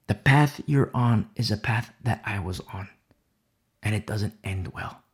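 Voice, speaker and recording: A man preaching a sermon with fervent, dramatic delivery that swings from loud declarations to hushed whispers. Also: lowish voice, unhurried, slightly rough.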